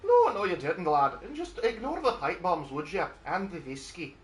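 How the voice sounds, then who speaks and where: Guy doing a loud brash irish brogue, pitched up, noisy stream audio. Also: sing-song, normal speed, roomy sound. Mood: mocking. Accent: put-on Irish. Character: rowdy joking Irish man, lilting brogue.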